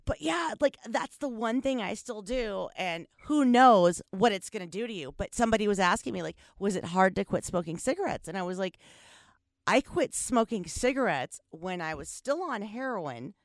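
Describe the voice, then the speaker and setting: A woman's voice: mid-range voice, lively intonation, normal speed, dry recording, studio quality. A woman in her forties hosting a podcast, chatting candidly, laughing often and swearing freely. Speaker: podcast host. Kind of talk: casual chat.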